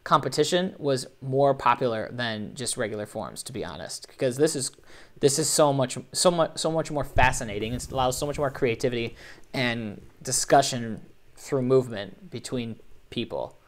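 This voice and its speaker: A man hosting a live online show, commenting on competition videos with animated, joking, playfully sarcastic energy. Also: medium pitch, moderate pace.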